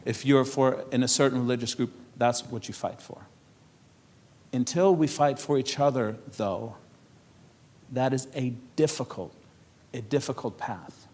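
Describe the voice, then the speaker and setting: A man from Europe speaking on a symposium panel. He tells stories in a lively way, acts out the people he quotes and turns earnest and persuasive. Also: medium pitch. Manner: animated storyteller who acts out quoted exchanges. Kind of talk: storytelling talk at a symposium panel.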